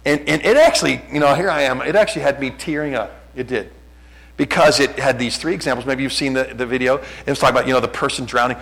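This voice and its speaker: A man's voice: mid-range voice, fast, creaky, fairly bright tone, poor audio. Conversational male pastor preaching a sermon. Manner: conversational, self-deprecating, restarts often.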